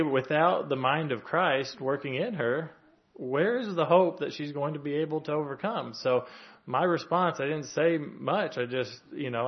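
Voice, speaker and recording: A man giving an earnest, conversational sermon, speaking plainly with frequent fillers and restarts. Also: fairly high pitch. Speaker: lay preacher soon to be a pastor. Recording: dull lo-fi recording.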